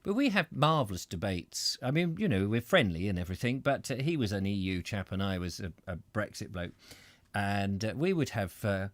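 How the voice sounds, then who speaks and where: Middle-aged male host, rambling and chatty, very animated pitch, dry close sound. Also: moderate pace, no room sound. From Britain. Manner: rambling, self-interrupting, chatty asides. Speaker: reader and host. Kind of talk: live reading with chat comments.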